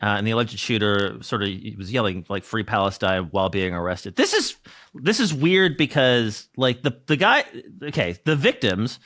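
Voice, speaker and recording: A man's voice: lowish voice, sing-song, normal speed, a bit bright, dry recording, studio quality. A man hosting a casual political podcast, sarcastic and jokey, swearing freely. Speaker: podcast host.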